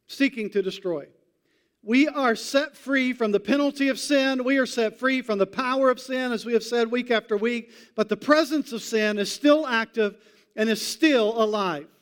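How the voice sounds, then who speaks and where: A man preaching a sermon in a conversational way, slowing down to stress key points. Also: very high-pitched. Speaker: pastor.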